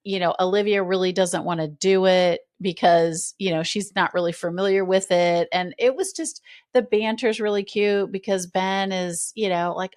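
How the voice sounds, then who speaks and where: A woman co-hosting a casual movie podcast, who laughs easily and gets animated when she acts out lines. Her voice sits in an ordinary middle range. The recording is dry and close, with no room sound. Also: medium pitch, normal speed, no echo. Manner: giggly, animated when quoting characters. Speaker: podcast co-host. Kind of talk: casual movie review chat.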